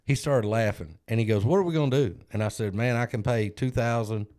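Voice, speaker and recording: A man's voice: mid-range voice, brisk, a little mellow. A man, co-hosting a podcast and telling a self-deprecating story in a casual way, acting out other people's lines. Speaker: podcast co-host.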